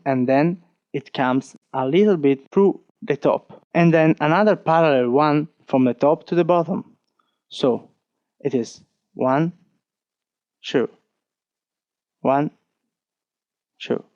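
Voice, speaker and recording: Slow, patient Italian-accented man teaching. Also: on the high side, darkish tone, no room sound, highs cut off. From Italy. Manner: slow, patient, repeats stroke counts. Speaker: language teacher. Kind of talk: online video lesson.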